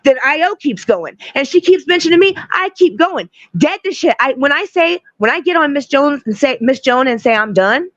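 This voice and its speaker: A woman speaking in a blunt, confrontational way, swearing freely as she makes her case. Her voice sits at a middle pitch and sounds dry and close. The stream audio is dull and lo-fi. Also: expressive, moderate pace, hardly any pauses, dry recording. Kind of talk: heated casual argument.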